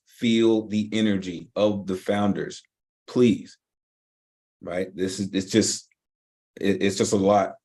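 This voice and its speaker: A man with a very deep, dark voice speaks slowly over a video call. He makes a solemn, pleading announcement to his community and repeats his urging. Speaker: poetry show host.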